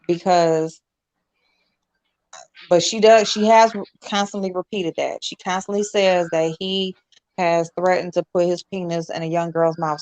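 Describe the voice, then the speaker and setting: A woman hosting a casual livestream panel, talking fast and bluntly, swearing freely, and mimicking other people in a high voice. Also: darkish tone, no echo. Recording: dull lo-fi stream audio.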